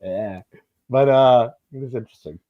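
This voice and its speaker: A man's voice: mid-range voice, moderate pace, no echo, narrow, tinny audio. A man co-hosting a casual chat in a laid-back way, with short replies and chuckles. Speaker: co-host.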